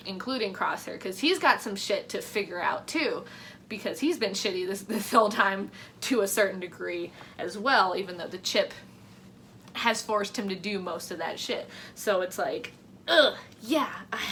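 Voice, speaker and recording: A woman's voice: mid-range voice, pushed and bright, slight background noise. A woman giving casual reaction commentary, ranting in exasperation with lots of swearing and mocking quoted lines. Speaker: reaction vlogger.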